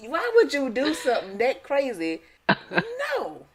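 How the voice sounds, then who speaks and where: A woman in her thirties co-hosting a podcast, chatting casually and telling animated stories, acting out quoted lines with laughter. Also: high-pitched, measured pace, a crowd in the background. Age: 30s. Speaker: podcast co-host. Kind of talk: casual chat. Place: Atlanta.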